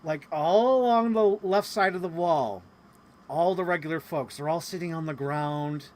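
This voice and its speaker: A man telling a casual vlog story, animated and excitable, swearing freely and acting out what people said. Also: moderate pace, a little hiss or hum. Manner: animated, swears freely, acts out quotes with big pitch jumps. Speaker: vlogger.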